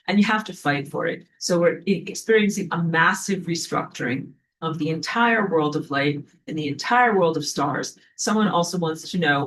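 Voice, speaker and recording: A woman giving a casual spiritual lesson, chatty and loose, often acting out quoted voices in a higher pitch. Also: normal speed. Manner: animated, acts out quoted voices with rising pitch; loose and chatty, with fillers and restarts. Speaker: spiritual teacher. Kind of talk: casual spoken teaching.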